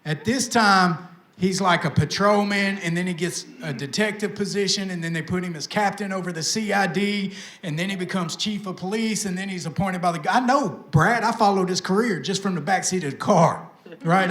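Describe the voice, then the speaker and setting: A man, a recovery pastor telling his life testimony to a live audience with lively, self-mocking storytelling. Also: sits high, fairly quick. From Tennessee, USA. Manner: lively storytelling with self-mocking humor, addresses the crowd directly. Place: event stage with live audience. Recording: echoey room sound.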